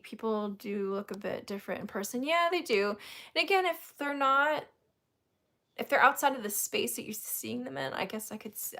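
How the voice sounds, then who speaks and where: Woman host telling stories, higher voice, laughs a lot, candid casual chat. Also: fairly bright tone. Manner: laughs often, candid and self-deprecating.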